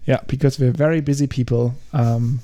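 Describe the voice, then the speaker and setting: Halting, laughing man podcast co-host. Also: mid-range voice, fairly even intonation, warm tone. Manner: halting, laughs often, stumbles over words. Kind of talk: casual podcast chat, presenting a paper.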